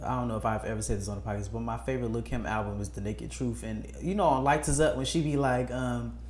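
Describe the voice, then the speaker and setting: A man's voice: medium pitch, fairly even intonation, quick pace, a little mellow. A man co-hosting a podcast in casual chat, rambling with plenty of fillers and side-tracks. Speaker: podcast co-host. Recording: roomy echo.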